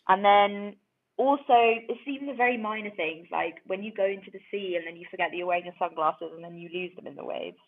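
Over a tinny phone-line sound, a young woman co-hosts a podcast in a mid-range voice at a quick pace. Her casual chat is playful and self-deprecating, exaggerated for laughs.

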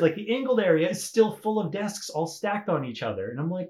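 A man's voice: on the high side, expressive, fairly quick, few pauses. A young man telling a wild story in a casual chat as a podcast guest, swearing freely and laughing often.

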